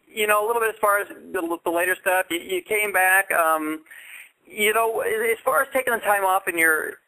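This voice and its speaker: A male interviewer with a very bright, forward voice, slightly high. He affirms the guest's story, then asks his question in loose, restarting phrases. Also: normal speed, low-quality recording.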